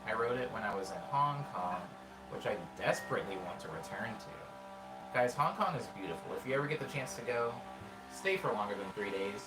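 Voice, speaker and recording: A man's voice: mid-range voice, expressive, roomy sound, recorded from a distance, low-quality recording. A man hosting a casual music livestream, chatting and reading viewer comments in a rambling way. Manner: rambling, chatty, quick asides.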